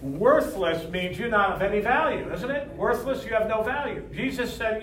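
A man's voice: sits high, lively intonation, moderate pace, fairly bright tone, slight background noise. A man preaching a sermon to a congregation, reading verses and leading call-and-response. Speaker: pastor. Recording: echoey hall from far off.

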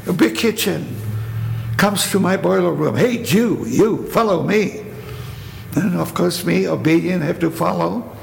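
A gravelly, slightly high-voiced older man with a German accent gives spoken testimony as a Holocaust survivor telling his story. He tells it vividly, acting out quoted voices and posing rhetorical questions, in an echoey hall with faint noise.

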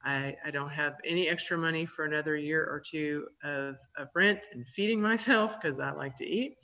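A woman's voice: low voice, normal speed, pushed and bright. A woman veterinarian telling stories in a radio interview, chatty and laughing, with many ums and uhs. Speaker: veterinarian guest. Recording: dull lo-fi radio audio.

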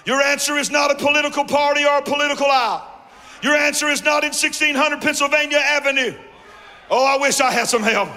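A man preaching a fiery sermon as a guest preacher, shouting with call-and-response to the congregation. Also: very high voice, fairly even intonation, fast talker. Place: large church hall. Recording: long church reverb with music.

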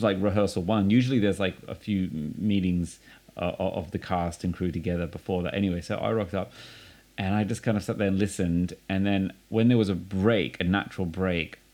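A man with a low voice hosts a relaxed conversation. He tells stories with energy and acts out what other people said. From Australia. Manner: animated storyteller, acts out quotes. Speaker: podcast host. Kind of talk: casual chat.

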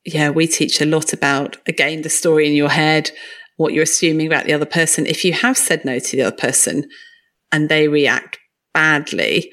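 Woman host, casual interview chat, animated delivery. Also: moderate pace. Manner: animated, jumps high when acting out other people's thoughts. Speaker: podcast host.

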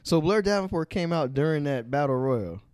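A man co-hosting a casual wrestling podcast, jokey and animated, often stammering and restarting his sentences. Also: a little high, moderate pace, clear, resonant tone, no echo, studio quality. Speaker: podcast co-host.

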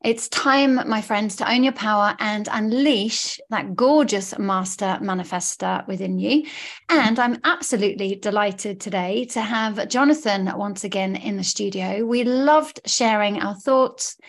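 A woman's voice: medium pitch, a little slow. A woman hosting a casual podcast as a coach, upbeat and gushing. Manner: upbeat, gushing, warm encouraging patter. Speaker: podcast host, law of attraction coach. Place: studio.

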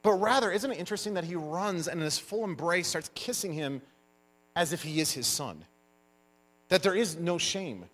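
A man preaching a sermon, telling stories with animated emphasis as the pastor. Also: sits high, normal speed. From United States. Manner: animated storyteller, lively emphasis.

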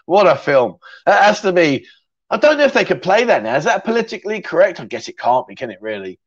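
Male stream host, jokey and rambling, a touch higher voice, dry slightly dull home audio. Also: very animated, brisk, no room sound. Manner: jokey, rambling, self-mocking banter. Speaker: livestream chat show host. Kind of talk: casual chat reading out viewer comments. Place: home room with a fridge behind him.

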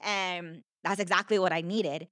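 A woman's voice: lowish voice, fairly even intonation, measured pace, a bit bright, no room sound, clean studio sound. A woman telling her personal story as a podcast guest, earnest and heartfelt, with lots of "like" fillers. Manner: earnest, heartfelt, heavy use of "like".

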